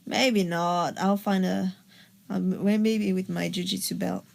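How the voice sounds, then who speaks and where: Woman with a creaky voice, casual chat. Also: mid-range voice, unhurried. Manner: relaxed storytelling, giggly. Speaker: podcast co-host.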